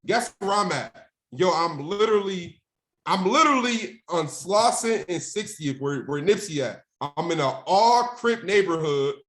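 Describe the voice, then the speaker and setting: A man speaking as a guest at a mentorship session, telling his own story in a casual, animated, slangy way. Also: high voice, measured pace.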